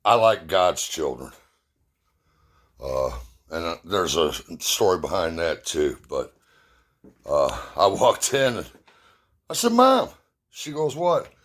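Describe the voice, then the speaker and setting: A man's voice: very deep voice, animated, slow pace, long pauses. A middle-aged man casually telling rambling, profane, self-mocking stories and jokes to his viewers. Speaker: vlogger. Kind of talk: casual storytelling.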